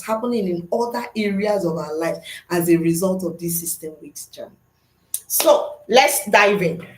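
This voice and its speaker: Earnest low-voiced woman teaching, echoey room. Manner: earnest and teacherly, asks rhetorical questions and answers them. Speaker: school psychologist and webinar teacher. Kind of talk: webinar lesson to teachers.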